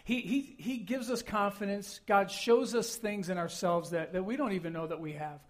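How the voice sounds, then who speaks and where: A middle-aged male pastor giving a sermon, telling a personal story in a casual, conversational way and getting animated when he acts out an argument. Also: sits high, moderate pace.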